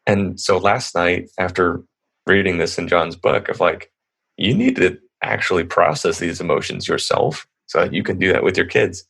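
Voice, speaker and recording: A man in his thirties, appearing as a podcast guest, tells stories in a rambling, earnest, casual conversational way with lots of restarts. His voice sits low, gravelly and husky yet fairly bright in tone, at a moderate pace.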